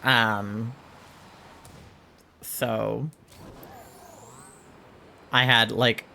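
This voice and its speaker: A man's voice: medium pitch, fairly even intonation, very slow, vocal fry, bright, forceful tone, a little hiss or hum. A man streaming a game, chatting casually and rambling, with frequent swearing and lots of "like" and "um". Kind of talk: casual chat while gaming.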